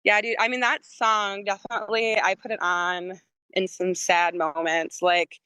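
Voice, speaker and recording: Bright-voiced young woman, rambling chat. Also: medium pitch, little pitch movement, measured pace, smooth, no echo, poor audio. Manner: rambling, heavy use of "like", laughs often. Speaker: musician guest. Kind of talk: casual podcast chat.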